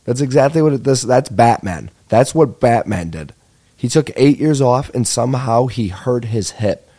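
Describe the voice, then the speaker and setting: A man's voice: medium pitch, animated, moderate pace, mellow. A young man hosting a comedy podcast, telling rambling, profane, self-deprecating stories in a casual monologue, a little tired. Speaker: podcast host.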